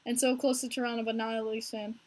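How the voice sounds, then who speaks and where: A young American woman hosting a casual hockey podcast stream, talking in an animated, chatty way and answering viewers by name. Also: fairly high pitch, fast. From United States. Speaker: podcast host streaming live with chat.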